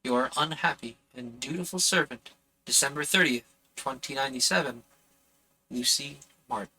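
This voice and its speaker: A man's voice: medium pitch, moderate pace, creaky, pushed and bright, low-quality recording. A man reading as a desperate pleading young woman. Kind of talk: reading a letter aloud from a novel.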